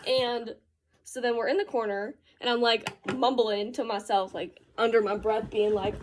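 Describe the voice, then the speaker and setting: A teenage girl tells a rambling story in casual vlog style while doing her makeup. She talks in a fairly high voice and drops slangy asides as she goes. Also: normal speed, a little mellow. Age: teens. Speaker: vlogger.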